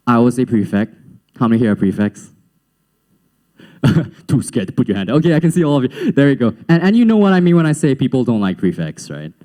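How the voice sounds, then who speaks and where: A young man from Singapore with a slight Western-sounding accent, telling his life story on stage to a young audience and acting out quotes as he goes. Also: medium pitch. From Singapore, raised in Southeast Asia. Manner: animated storytelling, acts out quotes, laughs often. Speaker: youth event speaker.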